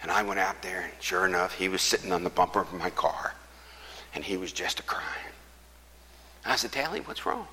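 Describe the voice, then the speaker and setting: Preacher with a bright, low voice. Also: male voice, steady tone, moderate pace, pauses often, long reverb tail, a little hiss or hum, rough recording. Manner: folksy storyteller, drops to hushed near-whispers. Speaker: pastor. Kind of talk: storytelling sermon.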